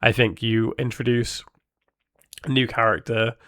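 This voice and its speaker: A man hosting a podcast in casual solo talk, thinking aloud with many pauses and restarts. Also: medium pitch, little pitch movement, a bit bright, no echo, clean studio sound. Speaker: podcast host.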